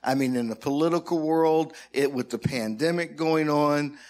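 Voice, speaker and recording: A man's voice: fairly high pitch, normal speed, a little mellow. A man preaching in a church as pastor, talking conversationally and joking with his congregation. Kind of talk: sermon.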